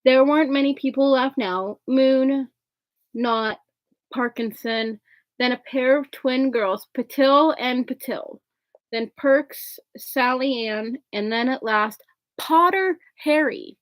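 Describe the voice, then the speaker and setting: A woman's voice: high voice, takes it slowly, dry recording, low-quality recording. A woman reading a novel aloud, often stumbling over words and correcting herself. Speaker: reader.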